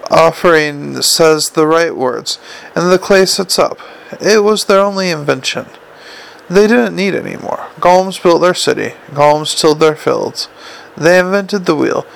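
A man reading an audiobook and voicing a brisk, stubborn, matter-of-fact woman in a gravelly voice. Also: fairly high pitch, rough recording. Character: brisk, stubborn, sharp-tongued adult woman. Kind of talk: audiobook character voice.

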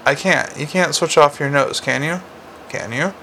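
A man's voice: on the high side, moderate pace, bright, forceful tone, slight background noise. A man voicing a werewolf's inner wolf, taunting and sly, in an audiobook.

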